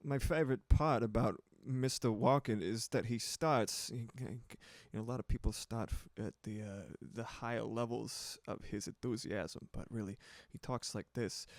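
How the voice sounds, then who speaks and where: A man at mid pitch chatting loosely as he works on music for a stream. He rambles, swears casually and laughs often, and the sound is dry with no room echo. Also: unhurried. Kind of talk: casual livestream chat while producing.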